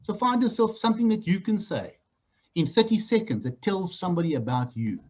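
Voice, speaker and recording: South African trainer, middle-aged man, husky and fairly high, blunt and teasing delivery for group training. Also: brisk. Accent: South African English. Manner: blunt, animated, teasing the room. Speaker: real estate trainer. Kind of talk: training talk to new agents.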